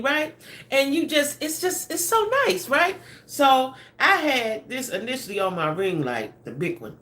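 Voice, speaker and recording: A woman's voice: mid-range voice, a bit bright, slight background noise. A woman hosting a casual gossip livestream from her home desk, chatting in Southern vernacular and greeting viewers by name. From Southern United States. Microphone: camera and ring light at desk.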